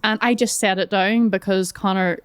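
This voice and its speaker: A woman co-hosting a podcast, telling a lively story in casual chat and acting out what people said. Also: mid-range voice, normal speed, smooth, no room sound, studio quality. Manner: lively storyteller, acts out quoted dialogue. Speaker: podcast co-host.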